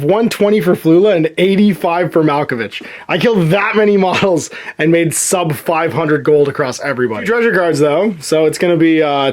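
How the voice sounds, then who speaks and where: A man casually narrating his own board game session, counting moves aloud and chuckling to himself. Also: a little high. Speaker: host playing a solo board game.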